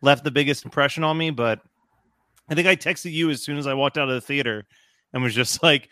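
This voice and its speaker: A man co-hosting a casual podcast, relaxed and easy, moving the talk on to the next topic. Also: mid-range voice, a little fast, dry recording, clean studio sound. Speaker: podcast co-host. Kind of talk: casual chat.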